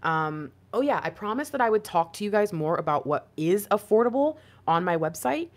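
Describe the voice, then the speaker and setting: A woman at medium pitch and normal speed acts as an intuitive card reader, giving viewers a spiritual reading. Her monologue is chatty and energetic, peppered with rhetorical questions.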